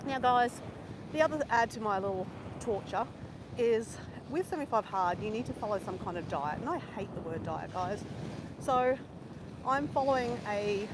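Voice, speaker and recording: An Australian woman chatting casually to her live-stream viewers while walking outdoors, animated and swearing freely. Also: medium pitch, background noise. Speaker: vlogger. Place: outdoors near a lake and bridge.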